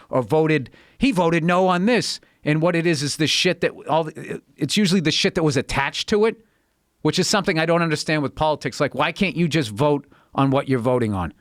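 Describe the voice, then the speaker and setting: A man who is a guest comedian, ranting in casual podcast chat, animated and profane, and slipping into mocking voices. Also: on the high side, no room sound, clean studio sound.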